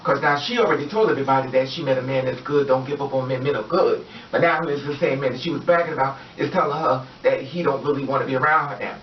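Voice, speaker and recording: A medium-pitched man talks fast, with hardly any pauses, in a rambling, repetitive vlog story. He fills it with fillers and voices the people involved. The audio is distant and echoey with a dull lo-fi sound and a little hiss or hum.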